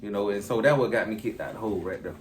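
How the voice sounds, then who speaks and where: A man recounting his time in prison in a relaxed, rambling, slang-heavy way, as the guest of an interview. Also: fairly low pitch, rapid-fire. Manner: laid-back, rambling, slangy storyteller. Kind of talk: casual storytelling interview. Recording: echoey room with faint ambient noise.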